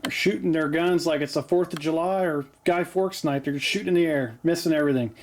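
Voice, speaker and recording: A man's voice: fairly high pitch, a little fast, very noisy. A man hosting a tabletop wargame battle report, calling dice rolls in a chatty, joking way with lots of fillers. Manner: chatty, jokey, frequent "uh" fillers. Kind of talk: casual battle report commentary. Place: home basement.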